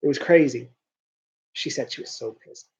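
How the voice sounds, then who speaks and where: A man's voice: medium pitch, moderate pace, a little mellow, breathy edge. A man talking casually to camera in a rambling vlog monologue, often restarting and repeating words. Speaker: vlogger.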